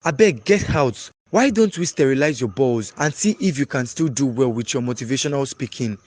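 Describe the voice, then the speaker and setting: A man's voice: mid-range voice, expressive, moderate pace, darkish tone, no room sound, natural voice. A man with a Nigerian accent voicing a bitter, angry young husband in a cartoon movie, hostile and sarcastic.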